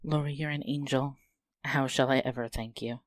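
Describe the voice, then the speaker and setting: A man's voice: mid-range voice, steady tone, normal speed, no room sound, lightly acted. A man voicing a fiery, tender-hearted young woman in a storybook reading, speaking emotionally. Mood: flustered. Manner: emotional, pleading then joyful.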